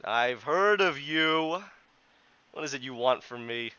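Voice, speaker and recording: A man voicing a booming, pompous male god who speaks in grand, old-fashioned phrases. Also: lively intonation, slow pace, pushed and bright, clear, resonant tone, dry recording. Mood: wary. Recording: dull lo-fi, dry.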